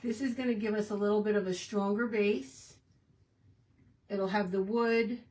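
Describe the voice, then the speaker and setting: A woman's voice: mid-range voice, steady tone, moderate pace, darkish tone, distant mic. A woman hosting a casual crafting tutorial, talking to herself and her viewers as she works with her hands. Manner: chatty, self-talking while working with her hands. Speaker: craft video host.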